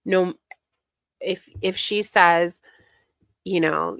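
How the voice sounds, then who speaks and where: A woman's voice: medium pitch, lively intonation, unhurried, dry recording, clean studio sound. A woman giving casual reaction commentary, exasperated and mocking as she rants about online drama. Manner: exasperated, mocking, talks over clips.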